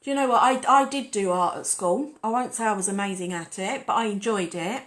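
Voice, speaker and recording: A woman's voice: medium pitch, fairly quick. A woman hosting a casual nail-art tutorial, chatting and rambling as she works on the nails. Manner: chatty, rambling, talks while working.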